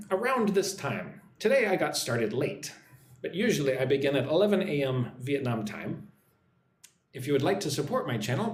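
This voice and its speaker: A man's voice: a little high, echoey room. A man from the United States teaching an English lesson on a live stream, drilling phrases, reading out viewer comments and checking in with "right?". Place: indoors, in Vietnam.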